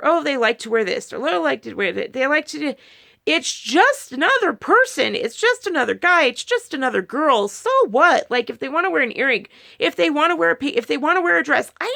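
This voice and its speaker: A woman's voice: high voice, creaky, pushed and bright. A married woman talking casually to camera, rambling through a personal story with many restarts and quoted asides. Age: adult, married. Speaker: video creator.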